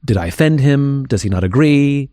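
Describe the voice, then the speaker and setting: A man's voice: medium pitch, animated, moderate pace, dark tone, no echo. A man speaks candidly as a guest in a conversational interview, thinking aloud in a reflective, open way. His voice sits in an ordinary middle register, and the recording is dry and close with no room sound.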